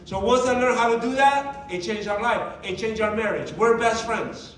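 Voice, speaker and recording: High-voiced man giving a motivational talk. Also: moderate pace, a bit bright. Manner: conversational and emphatic, with many rhetorical questions. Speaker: workshop presenter. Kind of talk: motivational talk to a live group. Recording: echoey room, mic at a distance.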